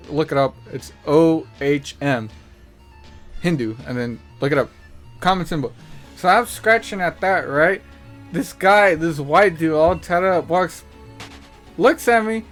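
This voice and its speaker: A man hosting a podcast, telling stories in a profane, animated way and acting out the people he quotes. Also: a little high, a little slow, faint music behind. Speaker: podcast host. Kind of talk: casual storytelling.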